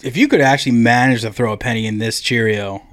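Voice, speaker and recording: A man's voice: mid-range voice, fast, dry recording. A man co-hosting a podcast, telling a crude story in a rambling, profane way full of "like". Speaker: podcast co-host.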